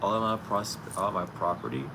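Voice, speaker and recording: This street vlog features a man whose voice sits low, with lively intonation, a fairly quick pace, and vocal fry, plus background noise. Chuckling and incredulous, he talks back to an unheard person in a casual outdoor monologue.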